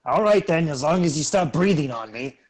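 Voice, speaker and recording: A man's voice: on the high side, expressive, a little fast, close to an everyday voice. Man putting on a pompous little gnome chauffeur. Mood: haughty. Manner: formal and haughty, with stuffy old-fashioned wording. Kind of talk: tabletop role-play voice.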